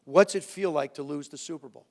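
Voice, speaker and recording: A man around seventy, from New Jersey, telling lively, self-mocking stories to a live audience as a former quarterback and guest speaker. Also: fairly high pitch, brisk. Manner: lively anecdotes with self-mocking humor, frequent restarts. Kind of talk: storytelling talk to a live audience.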